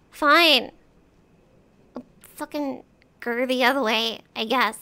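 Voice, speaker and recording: High bright-voiced woman streamer. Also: fairly even intonation, a little slow. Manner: chatty, swears casually, talks to chat. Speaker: game streamer. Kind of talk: live gameplay commentary.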